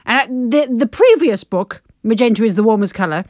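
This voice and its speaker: A woman's voice: a little high, expressive, normal speed, a little mellow, no echo, clean studio sound, close to an everyday voice. A woman playing a self-important psychic author hosting a comedy podcast, impatient and theatrical, given to exasperated outbursts. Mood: bossy, exasperated. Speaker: podcast host.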